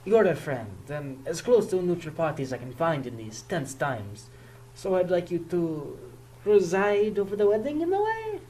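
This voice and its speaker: A student performing every role in a homemade audio drama, swinging between hushed lines and loud outbursts. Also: medium pitch, sing-song, a little slow, poor audio.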